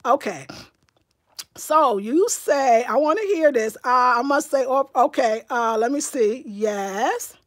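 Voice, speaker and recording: Woman, high voice, livestream host, casual chat, reads comments aloud, animated and talkative. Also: takes it slowly. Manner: animated, talkative, bursts into excited exclamations.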